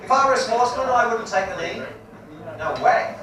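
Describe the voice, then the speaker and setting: On stage doing stand-up, a brash, crude man in his forties lands his punchlines in an extremely high-pitched voice at a moderate pace. Captured from far off in an echoey live room, the audio includes audience noise.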